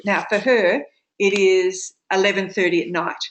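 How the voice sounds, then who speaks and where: A woman teaching a study group in a webinar, explaining steps slowly with frequent ums. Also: medium pitch, fairly even intonation. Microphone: webinar microphone.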